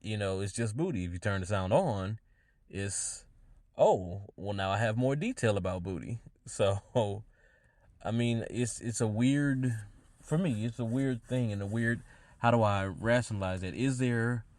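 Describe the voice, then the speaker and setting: A man with a lowish, slightly mellow voice, recorded with no echo, hosts a podcast alone. He shares his own opinions casually, musing aloud in a halting way and often restarting phrases as he works through his thoughts.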